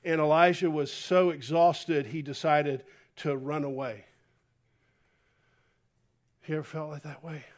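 Animated preacher, hushed to loud. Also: male voice, a little high, unhurried, long pauses. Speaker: pastor. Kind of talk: sermon. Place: church.

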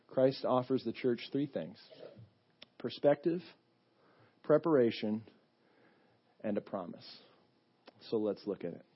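Husky male pastor preaching conversationally. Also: mid-range voice, muffled recording. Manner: conversational storytelling with fillers. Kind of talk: sermon. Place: church.

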